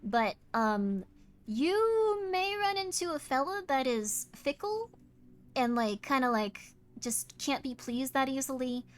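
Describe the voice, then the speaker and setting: A tired woman streamer chatting casually while doing tarot readings, talking in quick self-interrupting bursts and apologizing often. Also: high-pitched, lively intonation. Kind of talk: casual live-stream chat.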